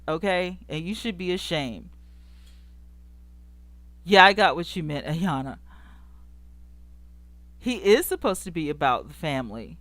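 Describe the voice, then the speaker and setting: A sassy woman hosting a gossip commentary show, chatting with her live viewers. Her voice sits a little low for a woman and sounds close and dry. She talks in an animated, scolding way and laughs often. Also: measured pace, long pauses, no room sound. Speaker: show host. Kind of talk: casual celebrity gossip commentary, greeting live chat viewers.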